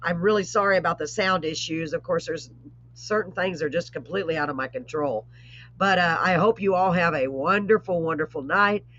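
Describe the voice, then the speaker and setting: A woman hosting a live online show, chatting casually with rambling asides and warm blessings. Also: lowish voice, brisk. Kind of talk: casual live-stream chat. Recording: dull lo-fi stream audio.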